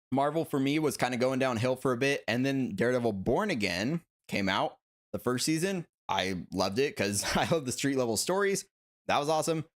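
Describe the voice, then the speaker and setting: A young man casually chatting on a livestream about collectible figures and reading out viewer comments. He is talkative, laughs often and fills his talk with "like". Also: mid-range voice.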